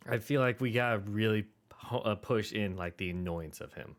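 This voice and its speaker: Deep-voiced man rambling through ideas. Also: moderate pace. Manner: rambling, filler-heavy, trailing off. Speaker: podcast co-host. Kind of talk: casual brainstorming chat.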